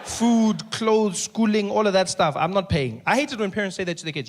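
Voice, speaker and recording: A South African man does a stand-up comedy set, telling stories and acting out the characters with big jumps in pitch. He talks a little fast and barely pauses, animated throughout.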